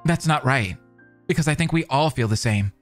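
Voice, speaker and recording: A man reading the part of a composed teenage boy aloud from a visual novel, calm and measured. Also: medium pitch, faint music behind, close to an everyday voice.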